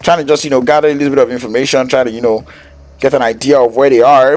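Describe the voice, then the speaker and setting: A man doing live esports play-by-play in a mid-pitched voice, loose and joking, full of slang. When the action heats up he jumps to loud, high, excited calls. Faint game noise runs underneath. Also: very fast. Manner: casual, joking, slangy, rises to excited shouts in fights. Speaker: esports caster.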